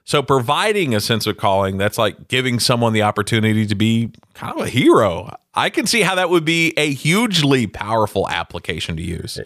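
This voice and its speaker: Upbeat male podcast co-host, lively pitch. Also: a little fast, hardly any pauses, no echo, clean studio sound. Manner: upbeat, conversational, asks guiding questions. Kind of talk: casual podcast chat.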